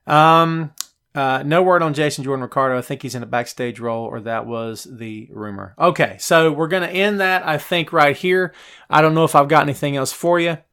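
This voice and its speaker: A man's voice: a little high, normal speed, clear, resonant tone. A man hosting a live wrestling talk show, chatting casually and reading viewers' names aloud, recorded on a phone and a bit out of breath. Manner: chatty, animated, reads chat names aloud. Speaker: podcast host.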